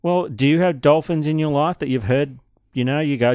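A man's voice: fairly high pitch, fairly quick, darkish tone, clear, resonant tone, no room sound, clean studio sound. A man from Australia co-hosting a podcast, full of silly absurdist banter in casual chat. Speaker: podcast co-host.

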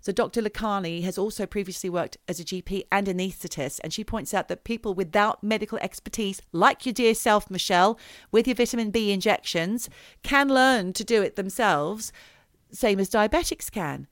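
A woman's voice: medium pitch, moderate pace, dry recording, studio quality. A woman co-hosting a podcast who tells a true crime story in a chatty, dramatic way. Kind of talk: casual storytelling chat.

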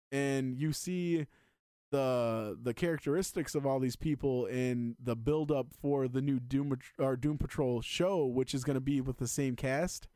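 Excited rambling man, dry sound. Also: medium pitch, clear, resonant tone, dry recording. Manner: excited and rambling, filler-heavy. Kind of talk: casual chat.

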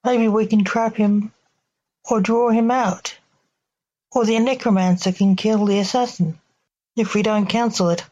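An eager young man speaks in plain, slow lines, as a woman reads him in a storybook. His voice stays close to the reader's own. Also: medium pitch, steady tone, dark tone, highs cut off, close to an everyday voice.

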